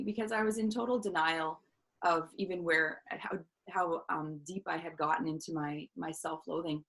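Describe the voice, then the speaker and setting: Earnest, lowish woman telling her story. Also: fairly even intonation, moderate pace, a bit bright, poor audio. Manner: earnest, reflective, many fillers and restarts. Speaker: self-love coach, guest. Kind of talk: personal story in an interview.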